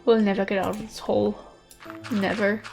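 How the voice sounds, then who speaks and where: A woman's voice: mid-range voice, flat delivery, moderate pace, creaky, darkish tone, soft background music. A woman hosting a gaming channel, talking casually and thinking aloud as she plays, with some light self-mockery, recorded on a USB studio mic in her bedroom. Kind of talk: casual let's-play commentary. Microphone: USB studio microphone.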